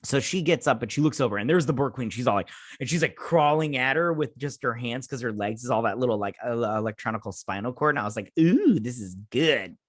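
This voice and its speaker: A man's voice: medium pitch, quick pace, a bit bright, dry recording, clean studio sound. A man hosting a casual episode review, rambling with many fillers and restarts. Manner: rambling, filler-heavy, self-interrupting. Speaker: show host.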